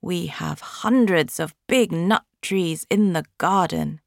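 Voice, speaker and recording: A woman voicing a kindly, generous male duke in a storybook reading, speaking slowly in a courteous, slightly raised voice. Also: fairly low pitch, gravelly, no room sound, clean studio sound.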